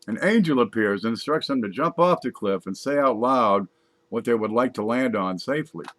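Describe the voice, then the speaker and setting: A man's voice: mid-range voice, lively intonation, moderate pace, a bit bright, no echo. Man reading dumb jokes, chuckling. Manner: reads jokes aloud, laughs at his own punchlines, wry asides. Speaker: comedy joke reader. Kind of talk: casual joke reading.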